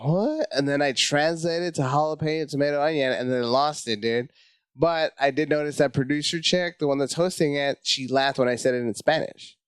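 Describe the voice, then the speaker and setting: Man, comedian guest; animated, profane storytelling, dry close sound. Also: smooth, dry recording. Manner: animated, profane, acts out his own panic in high voices. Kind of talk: casual storytelling chat.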